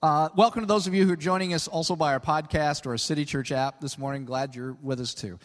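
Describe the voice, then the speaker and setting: A middle-aged man preaching a conversational sermon, often checking in with "okay?" and stretching key words for emphasis. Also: a little high. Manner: conversational, peppered with 'okay?'. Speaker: pastor. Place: large church hall. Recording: long hall reverb.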